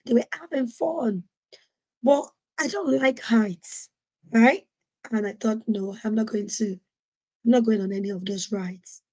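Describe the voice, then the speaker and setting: A woman from Nigeria hosting a podcast, telling a personal story in an animated way and acting out what other people said. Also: a little high, unhurried. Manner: animated, acts out quoted voices. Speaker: podcast host. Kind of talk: storytelling monologue.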